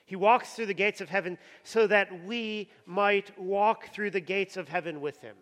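High-pitched guy preaching, lots of repeating himself, big echoey church sound. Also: measured pace, a bit bright. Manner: emphatic, repeats words while building up. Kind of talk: sermon. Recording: long hall reverb.

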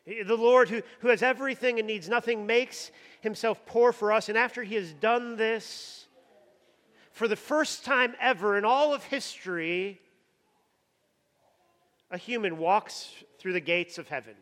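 High-voiced preacher in a reverberant hall. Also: male voice, measured pace, fairly bright tone. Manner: emphatic, repeats words while building up. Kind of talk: sermon.

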